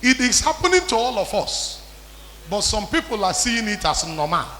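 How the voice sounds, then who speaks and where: A man preaching a sermon as pastor, in impassioned call-and-response that builds to shouting. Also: sits high, sing-song, normal speed. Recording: long hall reverb.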